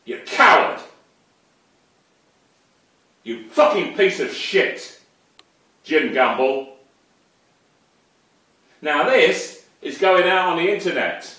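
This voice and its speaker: A man's voice: a little high, lively intonation, takes it slowly, pauses often, pushed and bright. A man ranting angrily to camera in an unscripted, profane tirade, accusing someone directly. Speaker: online commentator. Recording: very echoey room, far from the mic.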